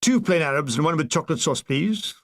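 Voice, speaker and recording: A man reading a comic war memoir aloud, with a deadpan, playful delivery of puns and asides. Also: fairly high pitch, a little fast. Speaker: narrator.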